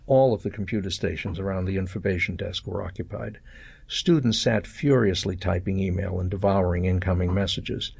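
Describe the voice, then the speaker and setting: An older man reading a first-person short story aloud in a calm, measured way. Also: low voice, gravelly, husky, dry recording. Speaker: narrator.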